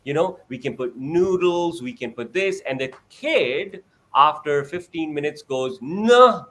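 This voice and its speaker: A man talks over a video call, explaining and acting out short exchanges with a child in a lively, lifted voice. His pitch sits a little above the usual for a man. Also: a little slow. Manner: acts out parent-child exchanges in a bright high voice. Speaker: parent sharing experience. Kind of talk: animated conversational explaining.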